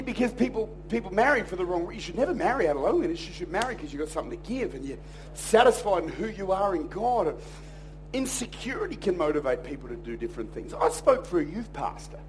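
A man preaches from a church stage, his voice sitting high and swinging widely as he tells stories and jokes, acting out the other people in them. A faint hum sits under the live recording. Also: brisk. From Australia. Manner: animated storytelling preacher, jokey, acts out voices. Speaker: pastor. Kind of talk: sermon.

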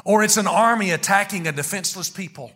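A man's voice: high-pitched, quick pace, bright, forceful tone. A pastor preaching a sermon, a man who talks animatedly and calls on his congregation to repeat words with him.

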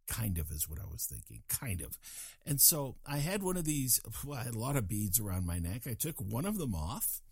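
Recorded with studio quality and no echo, an older Colorado man speaks in a medium-pitched voice. His casual anecdote rambles and pokes fun at himself, and he performs the voices of the people in the story.

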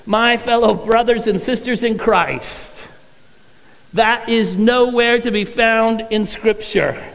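A male pastor delivers a conversational sermon, reading scripture aloud between his own remarks. His voice sits high for a man. The church hall around him rings with a long reverb. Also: slow, vocal fry, a bit bright. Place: church sanctuary.

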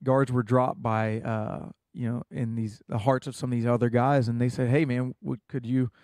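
A man's voice: mid-range voice, flat delivery, normal speed, a little mellow, no room sound, studio quality. A young American man in a casual interview, earnestly telling a personal story with many fillers. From United States. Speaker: guest.

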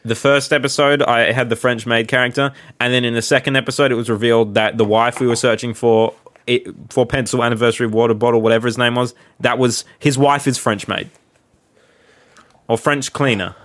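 A man's voice: mid-range voice, fairly even intonation, brisk, a bit bright, dry recording. A man improvising comic narration with rambling, self-mocking asides. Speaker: comedy podcast co-host.

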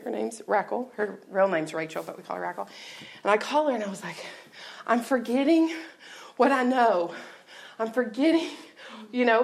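A woman's voice: mid-range voice, vocal fry. A woman giving a candid, conversational personal testimony to a church audience. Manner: conversational, candid, often laughing. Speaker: speaker at a church gathering.

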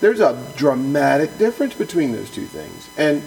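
A man's voice: on the high side, huge pitch swings, normal speed, vocal fry, a little mellow, faint music behind, rough recording. A man who is a pastor co-hosting a podcast, reading from a book and then talking it over in an earnest, emphatic way, often restarting and repeating words.

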